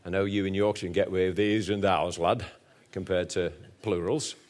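A man with a Liverpool accent preaching a sermon with humor, his delivery swinging between booming emphasis and hushed asides. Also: steady tone, a little fast.

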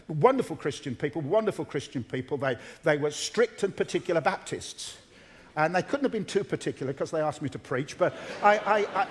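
A man delivering a sermon to a congregation in an earnest, emphatic way, repeating key phrases for weight. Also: on the high side. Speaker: preacher.

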